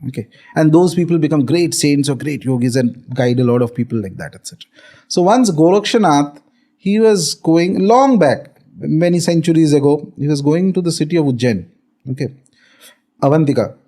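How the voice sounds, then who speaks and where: A man's voice: on the high side, expressive, moderate pace, dark tone. A man with an Indian accent, a spiritual teacher explaining and telling a story in a conversation, often checking in with "okay".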